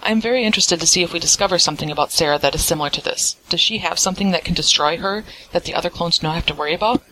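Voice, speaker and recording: A young woman recording a voice message for a podcast, reading earnestly and explaining things. She speaks quickly with a bright, sharp tone. A faint hiss sits behind her. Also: on the low side, low-quality recording. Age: young adult. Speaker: listener sending audio feedback. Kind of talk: read-aloud voice message.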